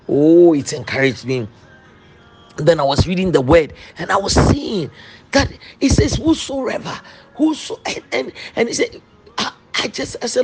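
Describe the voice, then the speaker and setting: A woman preacher delivers a sermon with fervent conviction. She repeats each declaration several times and pushes her voice up into shouts to drive a point home. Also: lowish voice, big pitch swings, measured pace, slightly rough.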